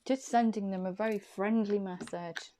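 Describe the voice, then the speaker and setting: A woman's voice: mid-range voice, fairly even intonation, normal speed, dark tone, slight background noise. A woman doing an intuitive tarot reading to camera, chatty and reassuring, who repeats phrases for emphasis. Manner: soothing, reassuring encouragement. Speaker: tarot card reader.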